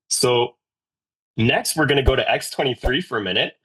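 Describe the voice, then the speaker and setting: A man's voice: mid-range voice, animated, measured pace, fairly bright tone, slight background noise. A man narrating a tabletop game as game master, casual and rambling with lots of fillers.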